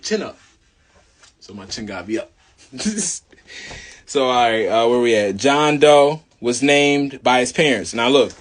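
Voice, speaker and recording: A young man in a casual, slangy monologue, preaching about spirit and law, swinging between loud bursts and low mutters. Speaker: video host.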